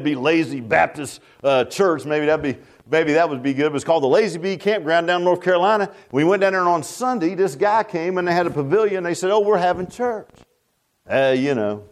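A middle-aged man, preaching a sermon in a folksy storytelling way that swings between loud bursts and hushed asides. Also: a little high. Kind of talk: sermon testimony.

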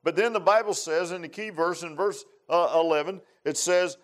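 Man, middle-aged, preacher, slightly high-pitched, homespun, repetitive, casual sermon. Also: steady tone, a little fast, hardly any pauses. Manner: folksy, rambling, repeats phrases and says "man" often. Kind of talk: informal evening sermon.

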